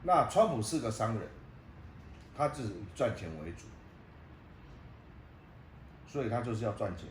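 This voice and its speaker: A man's voice: medium pitch, sing-song, moderate pace, long pauses. A man talking earnestly and moralizing in a casual interview. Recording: echoey room with faint noise.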